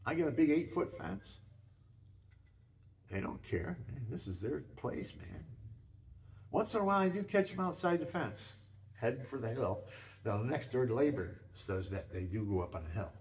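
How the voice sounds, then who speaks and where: An older man tells homespun stories about his house, his cats and hunting. He rambles, trips over his words and restarts often. His voice sits at an everyday middle pitch for a man. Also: animated, normal speed, darkish tone. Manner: rambling, folksy, many restarts. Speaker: home video maker. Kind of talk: casual storytelling.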